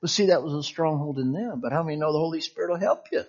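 A man's voice: a little high, very fast, a little mellow. A man preaching an informal sermon in a chatty, conversational way, peppered with "you know", chuckles and acted-out dialogue. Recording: dull lo-fi sound.

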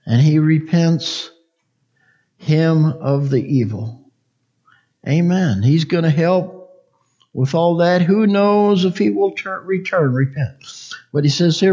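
A male pastor delivers a sermon in a high voice, taking his time over each phrase. He reads scripture and climbs into loud, impassioned pleading prayer. The recording sounds dull and lo-fi. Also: takes it slowly, long pauses.

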